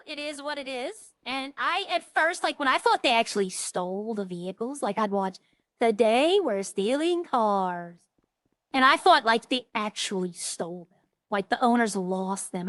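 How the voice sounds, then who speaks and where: A woman streamer talks casually while she plays, rambling from one story to the next. Her voice sits a little high. The sound is close and dry. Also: no room sound. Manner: rambling, chatty, animated when retelling stories. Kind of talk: casual chat while streaming a role-play game.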